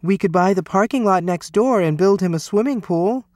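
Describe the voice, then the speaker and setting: A man's voice: high-pitched, very animated, normal speed, no room sound, studio quality, pitched above the performer's own voice. A man voicing an earnest young boy who dotes on his pet in a storybook reading. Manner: pleading, earnest.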